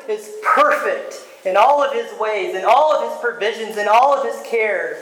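A man's voice: high-pitched, fairly bright tone. A man preaching a sermon as pastor, earnest and direct, calling his listeners loved ones and asking them rhetorical questions. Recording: roomy echo.

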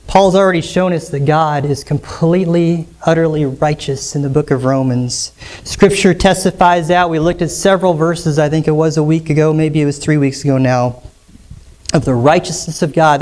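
A man preaching a sermon as pastor, emphatic and rising sharply on key lines, slowing down when quoting scripture. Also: a little high, darkish tone. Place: church sanctuary.

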